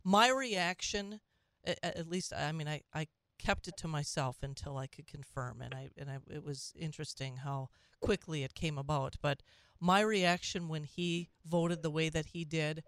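Smooth-voiced talk radio host woman. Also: low-pitched, normal speed, fairly bright tone, no room sound, clean studio sound. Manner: conversational, with frequent restarts and asides.

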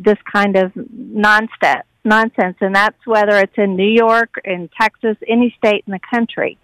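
A woman's voice: a little high, no echo, low-quality recording. A woman calling in to a talk radio show, making organized, assertive points. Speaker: caller.

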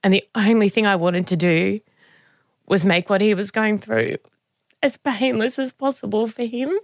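Woman, reflective and gravelly. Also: medium pitch, steady tone, no echo, clean studio sound. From Australia. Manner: reflective, halting, with frequent restarts. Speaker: podcast guest. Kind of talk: candid conversational interview.

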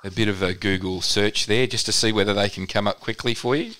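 Male sports co-host, deep clear voice, rambling casual delivery. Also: steady tone, brisk, fairly bright tone. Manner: rambling, many ums and restarts. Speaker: podcast co-host.

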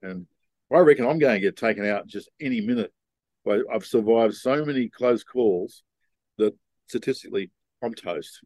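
An older man being interviewed, telling long rambling stories in a relaxed, casual way. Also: fairly low pitch, moderate pace, dry recording. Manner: laid-back rambling storyteller. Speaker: guest.

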